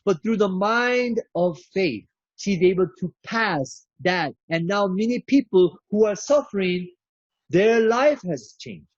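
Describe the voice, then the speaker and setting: High-voiced man giving a preachy keynote. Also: animated, no echo. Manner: preachy, emphatic with drawn-out phrases. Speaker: keynote speaker. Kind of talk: inspirational keynote address. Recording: dull lo-fi recording.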